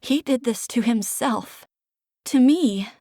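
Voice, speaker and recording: A woman's voice: on the high side, slow pace, no echo, clean studio sound. Emotional female audiobook narrator. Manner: emotional, expressive storytelling. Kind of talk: first-person fantasy audiobook narration.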